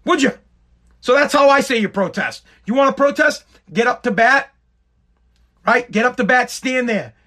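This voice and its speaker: A man with a very high, bright voice rants hard on his own podcast. He swears freely and hammers his points home with emphatic repetition. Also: normal speed. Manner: heated, profane, emphatic. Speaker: podcast host. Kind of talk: opinionated podcast rant.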